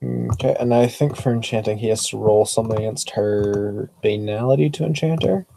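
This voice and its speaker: A man's voice: lowish voice, normal speed, vocal fry, mellow, no echo. A man player talking through game rules, hesitant and thinking aloud. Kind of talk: tabletop role-play, rules talk.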